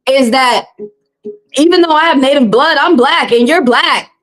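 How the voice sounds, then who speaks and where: Brief: higher-voiced woman, tarot livestream host, passionate and profane. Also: moderate pace, a bit bright, rough recording. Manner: impassioned, profane, blunt. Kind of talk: heated livestream monologue.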